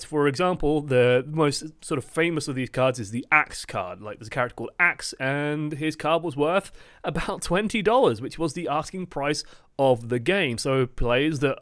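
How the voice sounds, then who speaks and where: A man hosting a gaming video, delivering a sarcastic, animated rant. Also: a little high, no room sound, clean studio sound. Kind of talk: ranting commentary.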